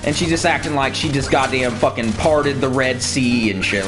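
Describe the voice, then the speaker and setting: A man's voice: medium pitch, normal speed, few pauses. A man ranting to his viewers in casual, profane talk, telling stories with mocking impressions. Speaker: streamer. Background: video game music.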